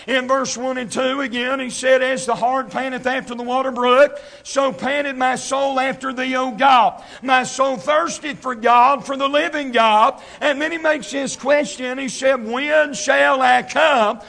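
A man preaching an impassioned sermon, swinging from shouted scripture to quiet asides. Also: extremely high pitch, fairly even intonation, a little slow, gravelly, few pauses. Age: 30s.

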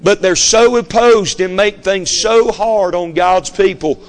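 A man's voice: high-pitched, unhurried. A man preaching a fiery sermon, emphatic and repetitive, hammering his points home. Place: church sanctuary.

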